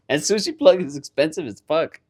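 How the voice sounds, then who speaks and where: A man's voice: fairly high pitch, darkish tone, husky. A man co-hosting a podcast in casual chat, laughing a lot, swearing and saying "bro" as he tells a story. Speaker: podcast co-host.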